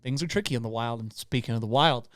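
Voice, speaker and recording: A man co-hosting a comedy podcast, telling rambling comic stories that swing between loud bursts and quiet asides. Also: medium pitch, fast talker, dry recording, clean studio sound. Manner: rambling animated storytelling, swings loud and soft. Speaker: podcast co-host.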